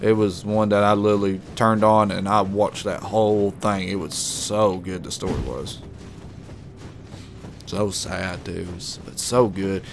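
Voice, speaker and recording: A man's voice: low voice, fairly even intonation, unhurried, creaky, a little hiss or hum. A man giving casual live commentary while playing a video game, rambling emotionally and repeating himself. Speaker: gameplay commentator.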